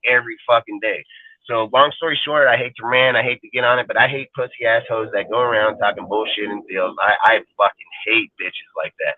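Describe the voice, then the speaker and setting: A man's voice: medium pitch, dry recording. A man on a livestream talk show, delivering an angry, profane and taunting rant from his rural home. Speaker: show panelist. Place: home in a rural forest area. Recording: tinny, dry phone-like line.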